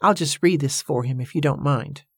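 A woman's voice: deep voice, moderate pace, slightly rough, no echo, studio quality. A woman voicing a cheerful, mischievous young man who fusses politely over his guests, in a storybook reading. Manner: lively, fussing, polite.

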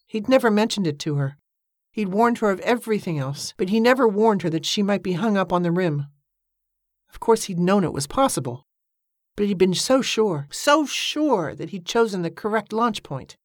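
A woman reads scripted audiobook narration in a measured, steady manner. Her voice is mid-range, and the studio-quality recording is dry.

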